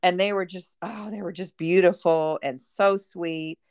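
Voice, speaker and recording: A woman's voice: lowish voice, steady tone, a little slow, a little mellow, no echo, studio quality. A middle-aged woman chatting casually as a guest, rambling with lots of fillers. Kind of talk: casual chat.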